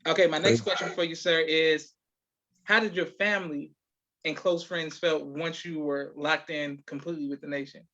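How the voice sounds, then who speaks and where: A man's voice: on the high side, fairly even intonation, moderate pace, a bit bright, muffled recording. A male podcast host interviewing a guest remotely, respectful and saying "yes, sir" often.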